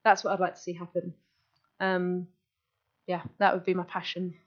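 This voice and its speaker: A woman with a lowish, fairly flat voice speaks at normal speed as a guest speaker before an audience in a meeting room. Her live talk is enthusiastic and chatty, and she restarts sentences as she goes, on a dull lo-fi live recording.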